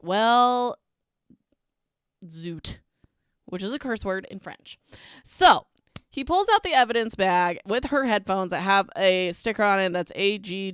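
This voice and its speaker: Young woman podcast host, smooth dry close-mic voice, casual and sarcastic, breezily dismissive. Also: fairly low pitch, fairly bright tone, no room sound. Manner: sarcastic, dismissive, heavy use of "like" and "whatever". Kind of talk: casual book recap.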